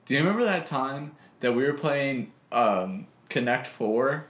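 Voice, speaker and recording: A man's voice: medium pitch, expressive, unhurried. A young man telling laid-back, slangy stories from his old job in a casual chat. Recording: roomy echo.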